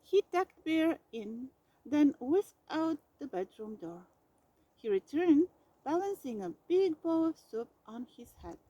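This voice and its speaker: A woman reading a children's storybook aloud with gentle, expressive narration. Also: high-pitched, takes it slowly, no room sound, highs cut off.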